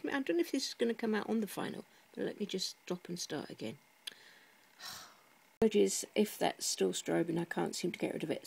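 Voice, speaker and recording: A woman vlogger reads product reviews aloud with dry sarcasm, slipping into a mock-pious tone. Her voice sits mid-range with a gravelly, creaky edge. She talks in a chatty way, full of asides. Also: medium pitch, rough recording.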